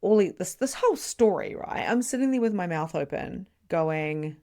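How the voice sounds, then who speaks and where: A woman with a somewhat low voice tells a story straight to camera, casual and expressive. She is a spiritual medium and teacher, and she talks with playful little asides to the viewer. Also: moderate pace.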